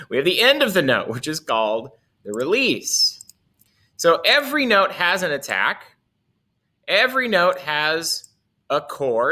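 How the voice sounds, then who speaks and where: A man's voice: on the high side, sharp tone. A man teaching a casual music lesson, playful and chuckling often as he explains.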